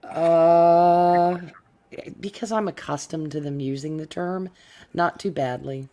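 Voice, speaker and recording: A woman from the US South with a softened North Florida accent, chatting casually in a deliberate, well-enunciated way. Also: lowish voice, steady tone, lo-fi sound. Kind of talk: casual chat.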